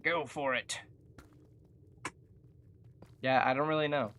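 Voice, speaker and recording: A gaming streamer giving casual live commentary while playing, chatty, jokey and quick to poke fun at themselves. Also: medium pitch, fairly even intonation, a bit bright, a little hiss or hum. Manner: chatty, self-mocking and jokey.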